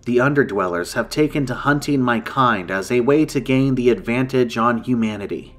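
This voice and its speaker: A man's voice: medium pitch, a bit bright, soft background music, lightly acted. A man voicing a solemn ancient dragon woman. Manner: solemn, measured, formal speech. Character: ancient grave female dragon in human form. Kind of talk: storytelling.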